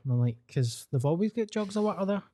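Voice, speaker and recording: A Glaswegian Scottish man co-hosts a casual comedy podcast. He tells his anecdotes in a relaxed, dry way. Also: high voice, fast. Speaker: podcast co-host.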